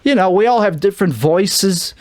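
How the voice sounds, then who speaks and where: A man's voice: high-pitched, animated, moderate pace, no echo. A man from Chicago with a Chicago accent, rambling through a solo podcast monologue, often restarting and trailing off. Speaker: podcast host.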